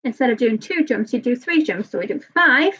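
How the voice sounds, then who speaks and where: A high, bright, forceful and husky female voice with lively intonation belongs to an early years teacher giving a live online maths lesson to young kids. She is patient though a bit nervous, speaks rather fast, and asks "okay?" over and over. The recording sounds slightly dull and lo-fi.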